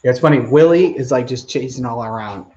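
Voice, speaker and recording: A man's voice: medium pitch, quick pace, dark tone, dull audio. A man hosting a live stream Q&A outdoors, rambling casually as he reads out viewer comments. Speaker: channel host.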